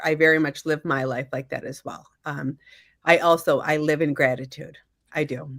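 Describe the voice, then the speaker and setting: A woman with a low-pitched voice hosts a panel discussion over a video call. She talks in an affirming, encouraging way and fills her pauses with frequent "um"s. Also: steady tone. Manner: warm and affirming, many fillers. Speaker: panel host.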